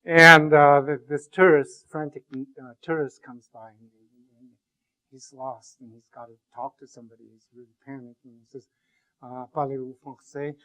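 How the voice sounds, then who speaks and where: Male lecturer, slightly raised pitch, digressive and jokey, stumbles and restarts often in front of a class. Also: steady tone, narrow, tinny audio. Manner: rambling and joking, with many halting restarts. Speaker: university lecturer.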